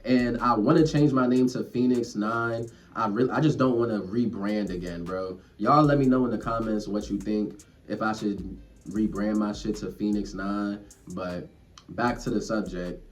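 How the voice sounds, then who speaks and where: Young guy ranting at camera, low voice, kinda far from the mic, some soft music under it. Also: normal speed. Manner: rambling, profane, earnest, self-reflective. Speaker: vlogger. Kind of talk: casual rant to camera. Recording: distant mic, faint music behind.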